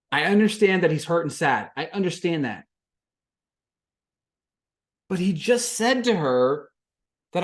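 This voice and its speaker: A man hosting a podcast, recapping a reality show in casual commentary, swinging from flat summary to loud exasperated rants. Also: mid-range voice. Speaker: podcast host.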